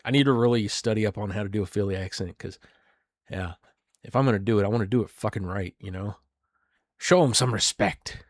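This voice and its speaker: This man's voice is lowish and a little mellow, and he speaks fast, recorded clean in a studio with no room sound. Hosting a solo show, he offers casual reaction commentary, riffing with crude, rambling jokes and mumbled asides.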